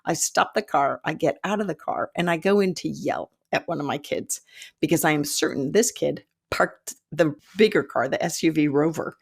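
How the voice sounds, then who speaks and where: A woman in her fifties, a psychic development teacher, telling a story in an animated, self-mocking way and laughing often. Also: deep voice, moderate pace, vocal fry, husky. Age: 50s. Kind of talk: storytelling monologue.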